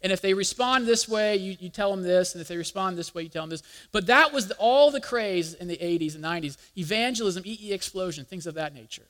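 A male pastor preaching a sermon in an animated way, asking the congregation to join in aloud. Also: sits high, fast talker, hardly any pauses. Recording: long reverb of a large hall.

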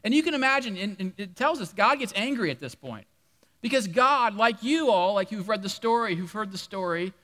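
A man's voice: high-pitched, expressive, fairly quick, bright, forceful tone, big-room sound. A man preaching a sermon, telling a Bible story with humor and playful asides to the congregation.

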